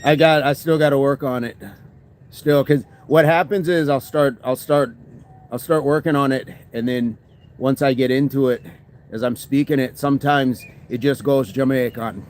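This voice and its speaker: A man's voice: mid-range voice, fairly even intonation, normal speed, a little mellow, slight background noise. A man hosting a daily fitness livestream, chatting casually in a joking, rambling, self-mocking way.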